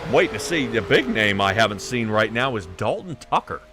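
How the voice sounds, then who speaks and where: A man's voice: medium pitch, sing-song, brisk. A man doing casual, chatty play-by-play for a sim racing broadcast, often trailing off and laughing.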